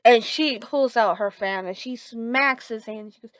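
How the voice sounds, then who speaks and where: A woman improvising a fan fiction story aloud, halting with many restarts and fillers. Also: fairly high pitch, a bit bright, no room sound, rough recording.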